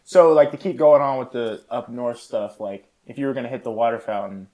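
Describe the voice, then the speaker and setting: Young male co-host from Florida, relaxed and agreeable, plain mid voice. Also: mid-range voice, a little fast. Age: young adult. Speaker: podcast co-host. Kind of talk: casual podcast chat.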